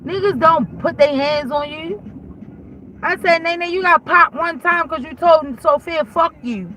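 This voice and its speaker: A woman with a high-pitched voice talks straight into the mic in a casual monologue. She retells a dispute bluntly and with plenty of swearing. A steady hiss of noise sits under her voice. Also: unhurried. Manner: blunt, profane, animated retelling with many "I said". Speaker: host. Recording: noisy background.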